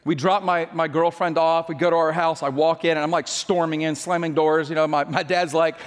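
High-voiced man telling a joking sermon story. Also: brisk, few pauses, big-room sound. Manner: chatty, joking storyteller with frequent restarts. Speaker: pastor.

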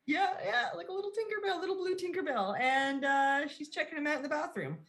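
A woman's voice: high voice, fairly quick, a bit bright. A woman co-hosting a casual podcast, rambling as she retells a movie scene and loosely acts out the characters. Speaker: podcast co-host.

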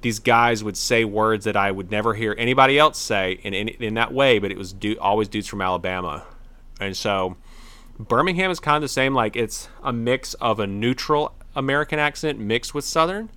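A man's voice: on the low side, normal speed, bright, forceful tone, smooth. A man co-hosting a podcast, chatting casually and rambling a bit with restarts. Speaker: podcast co-host. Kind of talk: casual chat.

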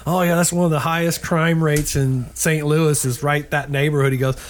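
An older man in a relaxed group conversation, recounting a bad trip. His voice sits a little high for a man, and he keeps jumping into the voices of the people in his story. Loose, chatty and expressive. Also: moderate pace. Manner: animated storyteller acting out quoted dialogue. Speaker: guest telling a travel story. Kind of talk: casual storytelling chat.

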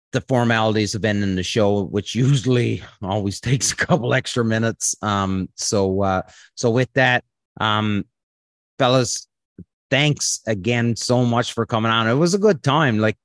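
A man's voice: on the low side, no echo. A man hosting a podcast, chatting casually in a rambling way, full of fillers and swearing. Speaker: podcast host. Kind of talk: casual chat.

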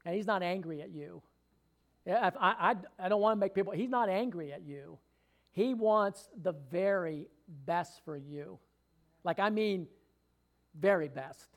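A man delivers a sermon in a church hall, his voice sitting notably high for a man. He preaches with fervor and builds into emphatic, drawn-out readings of scripture. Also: fairly bright tone.

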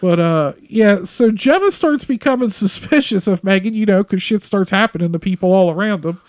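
High-voiced man in dry casual chat. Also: normal speed, a little mellow, no room sound. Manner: rambling, swearing, laughs often. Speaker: podcast co-host. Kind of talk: casual film review chat.

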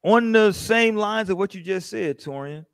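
A man hosting a podcast, asking the panel questions and reading from the chat in a relaxed, slangy, joking way. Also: high-pitched, moderate pace, vocal fry, clean tone, no echo, clean studio sound. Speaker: podcast host. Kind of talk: casual chat.

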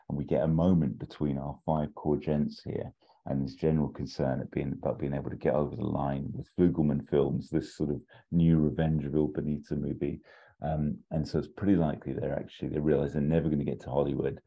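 A man's voice: rumbling low, slightly rough, muffled recording. A man telling a story idea in a casual chat, rambling with fillers and restarts and acting out the quotes. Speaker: podcast co-host pitching a story.

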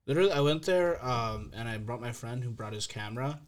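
A man hosting a podcast in calm, laid-back casual chat, trading stand-up stories with his guest. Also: mid-range voice, fairly quick.

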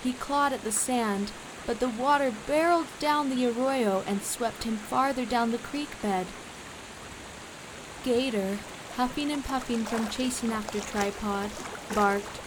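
Woman reading a children's audiobook; slow, clear, fairly high, steady background hiss. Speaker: audiobook narrator. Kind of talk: scripted children's story narration.

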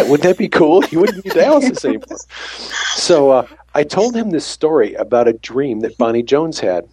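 A man's voice: medium pitch, darkish tone, breathy edge, no echo. A man telling a faith story from his ambulance work, acting out the dialogue as he retells it. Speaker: works on an ambulance. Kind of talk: storytelling testimony.

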